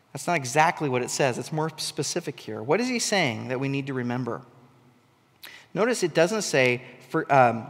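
A man preaching with a fairly high voice that climbs into emphatic, animated bursts. His sermon rings out with a long reverb trailing behind every phrase, as in a large hall. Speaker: pastor.

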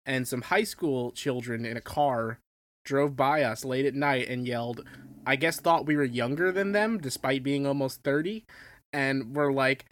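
A man's voice: medium pitch, measured pace, fairly bright tone. A man in his thirties co-hosting a casual podcast, telling jokey stories and laughing often. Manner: laughing, joking storyteller. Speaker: podcast co-host. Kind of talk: casual chat.

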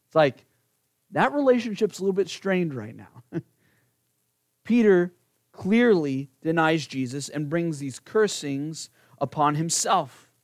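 Middle-aged male pastor, chatty sermon delivery, slightly high voice, dry close sound. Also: animated, takes it slowly, long pauses, dry recording. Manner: conversational, asks "right?" often.

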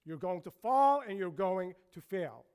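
A pastor voicing a calm, knowing male teacher who speaks a plain, direct warning. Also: high-pitched, normal speed, creaky, smooth. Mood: grave.

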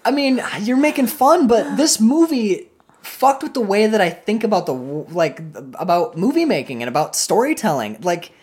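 A woman talking casually about a film, animated and profane, often acting out lines from it. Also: mid-range voice, normal speed, husky.

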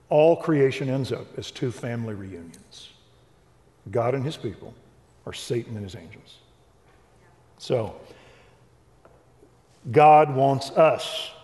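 Older man preaching in a hall. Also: mid-range voice. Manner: animated storyteller, acts out dialogue. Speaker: Christian speaker. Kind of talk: preaching testimony. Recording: reverberant hall.

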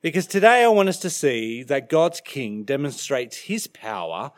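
A middle-aged Australian man preaching a sermon as minister, emphatic, dropping to quiet for weight. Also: mid-range voice, very animated, normal speed. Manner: emphatic, dramatic shifts in loudness.

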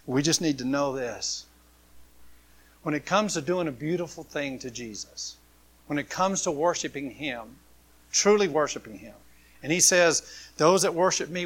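Bright-voiced male preacher. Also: on the high side. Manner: impassioned preaching, swinging between loud and hushed. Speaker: pastor. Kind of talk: sermon.

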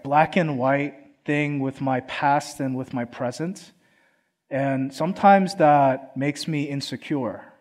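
A man's voice: a little high, darkish tone. Earnest man preaching a sermon. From Philadelphia, USA. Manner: conversational, earnest, acts out quotes. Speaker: pastor. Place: church.

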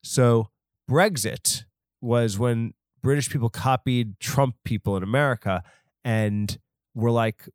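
A man's voice: mid-range voice, slow pace, a little mellow, clear, resonant tone, dry recording. Rambling self-mocking man, dry close sound. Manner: self-deprecating, rambling, off the cuff. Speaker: podcast host. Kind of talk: rambling comedic chat.

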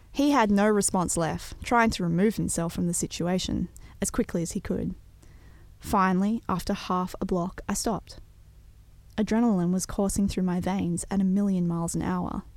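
A woman narrating a personal story in a measured, reflective way. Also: lowish voice, a little mellow, dry recording.

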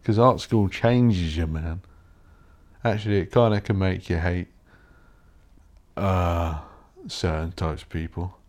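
Guy, deep voice, swearing, rambling solo podcast host. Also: takes it slowly, long pauses, darkish tone. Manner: swears a lot, rants and mocks posh voices.

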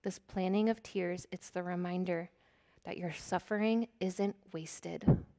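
A middle-aged woman preaching a sermon, earnest and candid, laughing at herself now and then and dropping into soft, breathy whispers for emphasis. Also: lowish voice, fairly even intonation, unhurried.

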